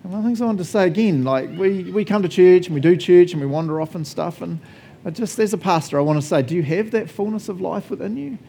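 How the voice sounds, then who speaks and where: A man's voice: high-pitched, fast talker, vocal fry, dark tone, slightly rough. A male pastor preaching a sermon conversationally, laughing often and asking the congregation questions.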